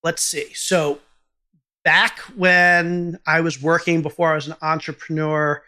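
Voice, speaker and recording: A man's voice: on the high side, flat delivery, measured pace, sharp tone. A man who hosts a podcast, answering interview questions in an earnest, advice-giving way with small restarts. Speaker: podcast host and entrepreneur.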